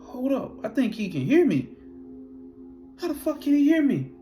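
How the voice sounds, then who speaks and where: A man voicing an alarmed, all-seeing cosmic male watcher who shouts in frantic disbelief. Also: on the high side, expressive, measured pace, faint music behind. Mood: shocked.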